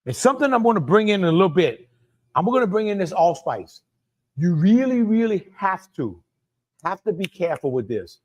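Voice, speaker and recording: A man's voice: high voice, sing-song, normal speed, muffled recording. A man with a Cajun accent hosting a live cooking show, chatty, repeating phrases and addressing viewers by name. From Louisiana.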